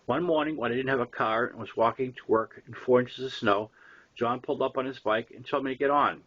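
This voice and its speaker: A man reading his own first-person novel aloud, relaxed and conversational with small fillers. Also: mid-range voice, brisk, dull audio. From Boston area. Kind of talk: first-person memoir narration.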